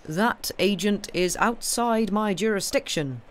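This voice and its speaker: A man's voice: high-pitched, a little slow, pitched above the performer's own voice. A man playing a jovial police inspector. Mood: dry. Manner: amicable, jocular.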